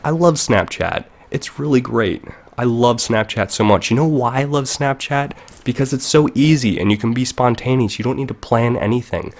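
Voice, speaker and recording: A young man talks to his viewers from a home computer setup in a loose, rambling way, drifting off on tangents and chuckling at himself. His voice sits at an ordinary middle pitch. The mic is right up against his mouth, so the sound is close and intimate. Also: creaky, darkish tone. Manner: rambling, goes off on tangents, laughs often. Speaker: live streamer. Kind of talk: casual live stream chat. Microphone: desk mic very close to mouth.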